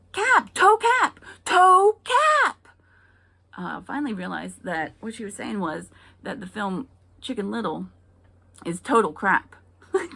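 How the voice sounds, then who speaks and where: Husky, gravelly woman doing stand-up. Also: on the low side, a bit bright. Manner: hesitant, filler-heavy delivery with dry punchlines. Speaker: stand-up comedian. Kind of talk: stand-up comedy set.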